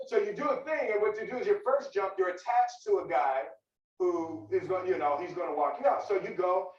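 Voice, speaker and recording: High-voiced man telling a story, echoey room. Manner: animated, repetitive, asks "right?" often. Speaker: guest speaker. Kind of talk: storytelling talk. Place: office meeting room. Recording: echoey, distant, dull room recording.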